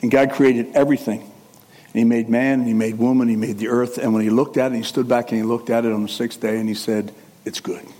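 Animated male pastor preaching. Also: mid-range voice, fairly quick. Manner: conversational, with asides and self-corrections. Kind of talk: sermon.

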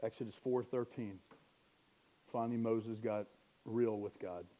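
A man's voice: lowish voice, fairly even intonation, measured pace, dark tone, slight background noise. A man preaching a sermon in a conversational way, asking rhetorical questions and joking at his own expense. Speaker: pastor.

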